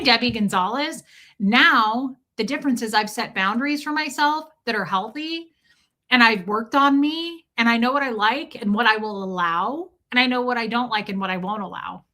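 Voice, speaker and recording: A woman's voice: on the high side, animated, moderate pace, bright, forceful tone. A woman hosting a casual livestream, rambling candidly, cursing freely and greeting viewers by name. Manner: reads out viewer names. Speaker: livestream host.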